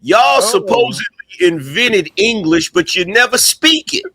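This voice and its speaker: A man's voice: very high-pitched, big pitch swings, unhurried, bright, forceful tone, slight background noise. A man teasing his friends in casual, joking banter over a video call, repeating words as he builds up to his point.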